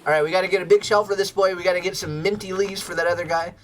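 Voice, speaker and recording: A woman's voice: on the low side, steady tone, very fast, a crowd in the background. A woman streamer giving casual, playful commentary while playing a game. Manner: bubbly, playful.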